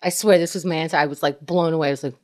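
A woman comedian telling stories in casual chat, animated and full of laughter, swearing freely. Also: deep voice, very fast. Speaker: comedian, podcast host.

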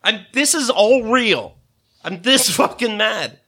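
A man hosting a podcast, telling a story in an animated, profane rant and laughing between bursts. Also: high-pitched, slow pace, slightly rough, dry recording, studio quality. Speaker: podcast host. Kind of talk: casual ranting storytelling.

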